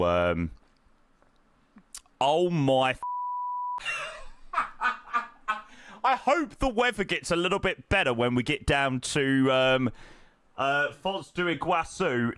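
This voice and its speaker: A man's voice: medium pitch, fairly bright tone, slight background noise. A young man streams from home, chatting casually and thanking viewers in a self-deprecating way. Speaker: flight simulator streamer. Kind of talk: casual live-stream chat.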